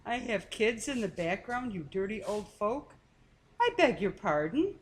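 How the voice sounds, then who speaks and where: A woman's voice: medium pitch, very animated, measured pace. A woman co-hosting a casual live stream, greeting viewers by name and teasing her husband. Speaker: co-host reading chat.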